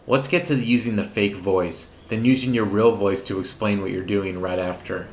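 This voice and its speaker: A man's voice: lowish voice, steady tone, normal speed, darkish tone, slight background noise. A man hosting a commentary series, narrating a script with sarcastic, mocking asides.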